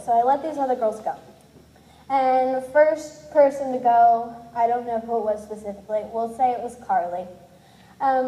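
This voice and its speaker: A woman's voice: fairly high pitch, warm tone, roomy sound, long reverb tail, low-quality recording. Candid young woman telling her story. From Cincinnati, USA. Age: 20s. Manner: candid, self-deprecating, acts out others' lines. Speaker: speaker sharing her testimony. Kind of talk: personal storytelling talk.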